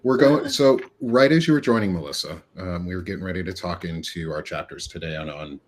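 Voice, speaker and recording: A man with a very deep voice hosts a relaxed panel chat over a video call. He talks easily and fills pauses with um. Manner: relaxed, many ums. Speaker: podcast host.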